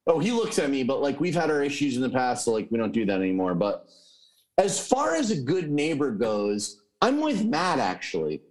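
A man's voice: mid-range voice, moderate pace. A man hosting a casual podcast chat, asking questions, swearing and laughing as he talks. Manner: lively, swearing, laughing often. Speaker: podcast host.

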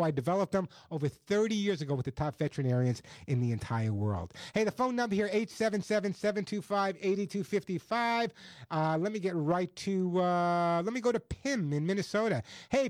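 High-voiced, dry-sounding energetic radio host. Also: male voice, no echo. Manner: fast, energetic, repeats words when excited. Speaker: radio pet show host and dog trainer. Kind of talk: call-in radio advice. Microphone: studio microphone.

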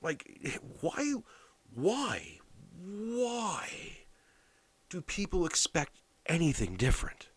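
A man's voice: on the high side, huge pitch swings, extremely slow, husky, no room sound. A man from Canada giving a blunt, sarcastic political rant, swearing heavily.

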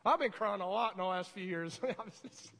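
A woman preaching a sermon in a conversational way, breaking into sudden shouted bursts. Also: mid-range voice, moderate pace. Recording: echoey hall.

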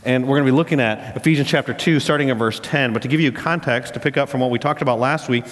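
A man's voice: mid-range voice, quick pace, big-room sound. A married man preaching a sermon as a pastor, retelling a story and then driving points home with emphatic repetition.

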